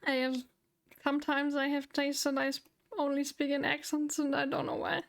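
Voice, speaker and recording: A woman streaming live, chatting, thinking aloud and getting excited. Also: high-pitched, moderate pace, creaky. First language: German. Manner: excitable, talks to herself while thinking. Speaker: VTuber streamer. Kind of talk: live game stream chat.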